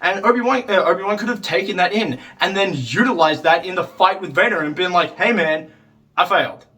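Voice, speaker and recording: Rambling bright-voiced male reviewer. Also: high voice, a little fast, distant mic. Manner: rambling, heavy use of "like", swears, acts out quotes. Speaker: video reviewer. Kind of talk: casual spoken review.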